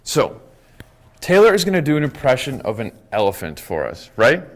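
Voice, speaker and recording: Animated man giving a conference talk. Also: mid-range voice, moderate pace. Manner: animated, keeps checking in with "right?" and "okay?". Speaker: conference speaker. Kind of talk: live presentation to an audience. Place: conference room with a live audience.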